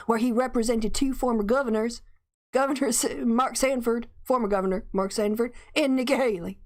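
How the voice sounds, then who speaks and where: A woman's voice: a little high, steady tone, brisk, a little mellow. A woman host in casual commentary, reading news aloud with gleeful, chatty asides. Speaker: livestream host.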